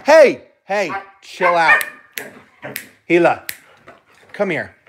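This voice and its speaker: A livestream host at home, swinging between chatty thanks to viewers and playful baby talk aimed at the dogs. The voice is mid-pitched and very animated, swooping up and down constantly. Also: drawn-out words, a little hiss or hum. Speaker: live stream host. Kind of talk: casual livestream chat.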